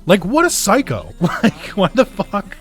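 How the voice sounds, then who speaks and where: A young man doing casual let's play commentary, excitable, laughing often and swearing freely. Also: high-pitched, a little slow, soft background music.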